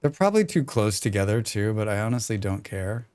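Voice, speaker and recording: A man's voice: fairly low pitch, expressive, a little fast, darkish tone, clear, resonant tone. An American man chatting casually and joking with his chat while he plays a survival game on a live stream.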